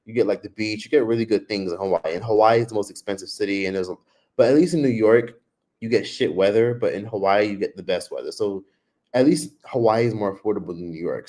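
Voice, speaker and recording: A man with a fairly low voice rants on a casual livestream. He talks straight at his viewers, swearing freely and going off on tangents in a loose, unscripted way. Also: a little mellow. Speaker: livestream host.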